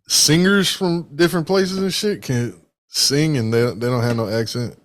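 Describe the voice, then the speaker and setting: A man's voice: fairly high pitch, moderate pace. A man co-hosting a casual comedy podcast, bantering in a joking, slangy, crude way. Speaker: podcast co-host.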